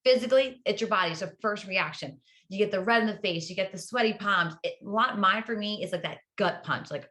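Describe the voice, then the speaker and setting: A woman's voice: medium pitch, a little fast, hardly any pauses, sharp tone. Upbeat woman guest explaining things. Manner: upbeat, explanatory, tags sentences with "right?". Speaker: guest, public health educator. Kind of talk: casual interview chat.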